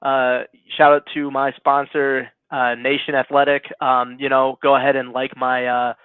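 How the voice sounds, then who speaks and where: A man's voice: medium pitch, flat delivery, normal speed, clean tone, dry recording. A man joining a stream remotely, easygoing and full of fillers as he plugs his gym. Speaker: guest grappler. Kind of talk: casual chat. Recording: tinny phone-like call line.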